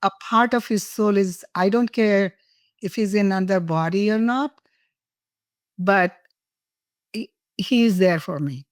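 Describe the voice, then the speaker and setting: A woman's voice: mid-range voice, measured pace, long pauses, dry recording, studio quality. An older woman from India, a guest telling personal stories in an interview, laughing and emotional at times. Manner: warm, laughing, emotional storytelling.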